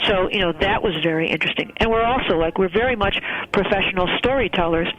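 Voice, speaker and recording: A woman's voice: medium pitch, quick pace, rough recording. Chatty woman telling a story. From United States. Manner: chatty, warm storyteller with many fillers. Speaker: guest celebrant. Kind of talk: casual storytelling interview.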